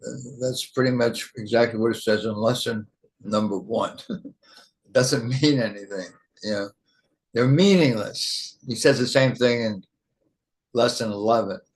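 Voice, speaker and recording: A man speaks slowly and gently as he leads a spiritual study group. He thanks each person and calls on the next, keeping a calm, measured rhythm. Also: medium pitch, poor audio.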